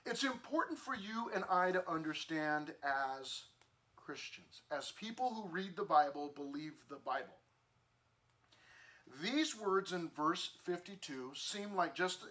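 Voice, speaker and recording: A man's voice: sits high, lively intonation, unhurried, sharp tone. A man teaching a youth group through a Bible passage in a casual, conversational way, with many fillers and restarts. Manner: conversational, many fillers and restarts, acts out social media voices.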